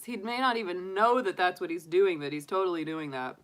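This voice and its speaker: A woman's voice: medium pitch, a little fast, fairly bright tone. A woman in her forties, a tarot reader chatting casually on a live stream and laughing often. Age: 40s.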